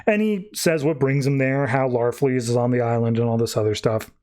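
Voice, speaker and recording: A man's voice: mid-range voice, a little mellow. A man hosting a podcast, giving a rambling, casual recap of a comic book story. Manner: rambling, breezy summarizing with quick mock voices. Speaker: podcast host.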